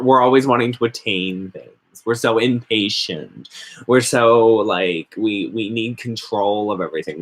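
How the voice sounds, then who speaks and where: A man's voice: lowish voice, breathy edge. A man hosting a casual, rambling chat while stoned, often mock-quoting other people. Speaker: host.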